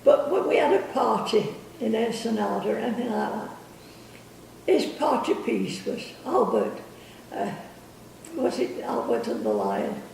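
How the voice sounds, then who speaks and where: An older woman telling family stories in a halting, chuckling way, losing her thread now and then. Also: on the high side, big pitch swings, vocal fry, a little mellow, slight background noise. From England. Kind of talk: casual storytelling. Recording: echoey room from a distance.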